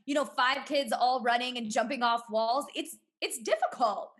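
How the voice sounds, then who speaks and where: A woman and former teacher, a podcast guest talking in an earnest, casual way, often saying "you know" and laughing softly. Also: on the high side, moderate pace. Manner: earnest, talks through ideas with frequent "you know" and soft laughs.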